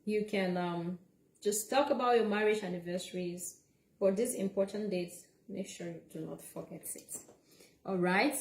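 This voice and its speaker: A woman's voice: medium pitch, normal speed, a little mellow, reverberant. A woman livestreaming relationship advice in a casual, earnest way, repeating her points and checking in with "okay?".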